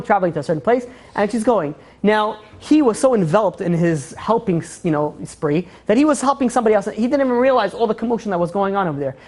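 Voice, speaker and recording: A woman telling a moral story in a casual way during a class, acting out the characters' lines as she goes. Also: a little high. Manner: animated retelling, acting out quoted lines with "he's like".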